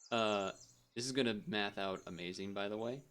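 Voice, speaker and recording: A man's voice: on the low side, normal speed, fairly bright tone, a little hiss or hum. A young man streaming a game, chatting casually and thinking aloud as he rambles and cuts himself off.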